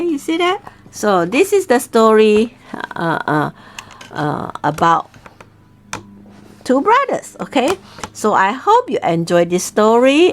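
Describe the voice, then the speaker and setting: A woman teaching, closing a story lesson with a gentle moral. She checks in with "okay?" after almost every phrase and hesitates with fillers. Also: on the high side. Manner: repeats "okay?" to check understanding. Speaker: Chinese teacher.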